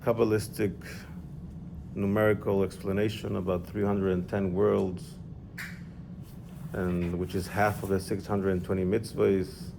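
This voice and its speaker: A man's voice: sits low, flat delivery, measured pace, vocal fry, noisy background. A man teaching an informal religious class, explaining step by step and checking in with his student.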